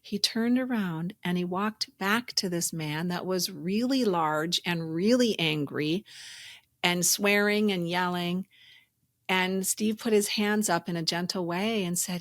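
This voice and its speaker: A woman's voice: on the low side, slow, no room sound, clean studio sound. A woman hosting a spiritual self-help podcast, talking in an earnest, reflective way and telling stories. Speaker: podcast host.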